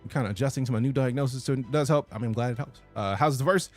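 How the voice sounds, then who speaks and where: A man's voice: medium pitch, very fast, soft background music. A man streaming a game, chatting casually and profanely while reading out his chat. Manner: casual, profane, reads chat messages aloud.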